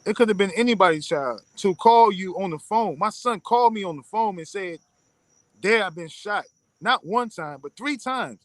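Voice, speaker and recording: A distraught father, retelling events in an urgent, halting way over a phone call. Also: high voice, animated, no echo. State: distraught, emotional. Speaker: interviewee, father of a victim.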